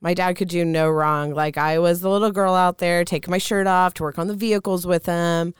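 A woman's voice: lowish voice, fairly even intonation, brisk, clear, resonant tone, no room sound, studio quality. Candid, swearing woman telling her story. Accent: Midwestern American. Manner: candid, swears freely, laughs often. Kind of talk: casual storytelling chat.

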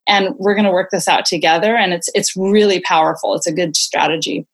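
A woman's voice: on the low side, fairly even intonation, brisk. A woman in her forties, a parenting expert guest, explaining ideas in an earnest, conversational way with many "you know"s.

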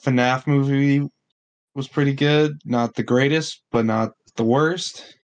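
A man's voice: medium pitch, steady tone. A young man co-hosting a podcast, chatting casually and slangily, stretching out his remarks. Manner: laid-back, slangy, drawn-out remarks. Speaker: podcast co-host. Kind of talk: casual chat.

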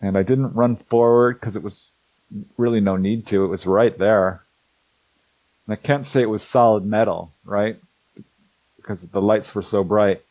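A middle-aged man, a guest in an interview, telling a personal story in a casual, animated way and acting out the dialogue as he goes. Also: fairly low pitch, normal speed, long pauses, no echo, rough recording. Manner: hesitant restarts and fillers.

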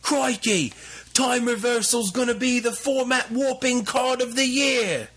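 A man doing a deliberately bad fake Australian accent as an excited, exaggerated mock Australian guy, for a joke on a podcast. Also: very high-pitched, breathy edge, pitched above the performer's own voice, full character voice. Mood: exaggerated glee. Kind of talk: jokey podcast impression.

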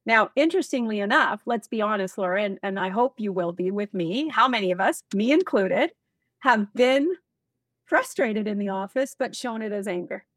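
A woman speaking as a leadership expert in an interview, energetic and acting out example dialogue as she explains. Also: mid-range voice, moderate pace, dry recording. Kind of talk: animated interview talk.

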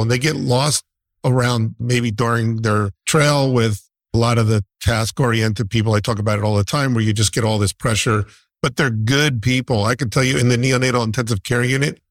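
A man's voice: mid-range voice, dry recording. A middle-aged man who works in newborn intensive care, speaking heartfelt and emphatic in a conversation. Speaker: neonatal nurse.

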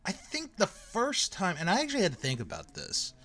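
A man's voice: sits high, a little fast. A man in his thirties hosting a casual podcast chat, telling stories with lots of fillers. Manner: lively storyteller with frequent fillers and laughs. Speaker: podcast host.

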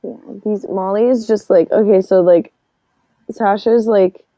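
A woman chatting casually as a podcast co-host, relaxed and teasing. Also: mid-range voice, measured pace, no echo, low-quality recording. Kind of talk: casual chat.

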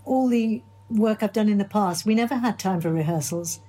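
Chatty older woman, mellow voice. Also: medium pitch, normal speed, breathy edge. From Birmingham, England. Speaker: actress guest. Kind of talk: interview answers.

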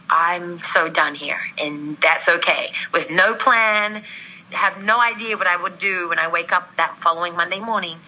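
A woman from Australia, a guest on an interview show, tells a long personal story in an animated way, acting out the voices of the people in it and laughing often. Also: lowish voice, highs cut off.

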